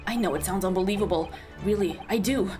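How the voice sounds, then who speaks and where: A woman voicing an earnest, flustered young male lawyer while reading game dialogue aloud, with halting, apologetic speech. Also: mid-range voice, music in the background, lightly acted. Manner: halting, apologetic, then insistent.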